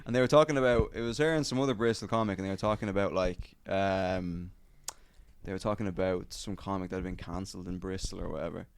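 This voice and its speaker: Brief: young male comic, lowish voice, rambling sweary anecdote style. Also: steady tone, fast, gravelly, no room sound. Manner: rambling, sweary, lots of fillers. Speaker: comedian podcast co-host. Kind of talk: casual storytelling chat.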